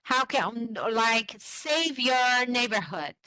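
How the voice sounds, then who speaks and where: Slow, bright-voiced woman teacher trainer. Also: a little high, expressive, clean tone, no echo, rough recording. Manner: slow, explanatory, asks the class questions. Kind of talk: online teacher-training lesson.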